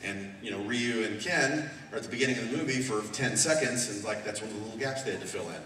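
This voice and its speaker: A man speaking as a guest on a convention panel, animated and laughing often as he answers fan questions. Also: on the low side, fast. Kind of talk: live Q&A panel. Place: large convention hall. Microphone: far recording from the audience. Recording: echoey hall recorded from far off, crowd.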